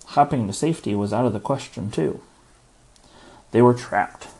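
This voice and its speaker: A man hosting a book club who reads a self-help book aloud in a steady, earnest way. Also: medium pitch, normal speed, creaky, breathy edge, rough recording.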